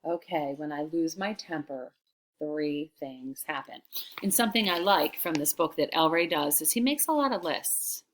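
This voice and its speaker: Brief: teacher, woman, low voice, chatty, reading aloud with expression. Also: lively intonation, normal speed, a little hiss or hum. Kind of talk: read-aloud lesson.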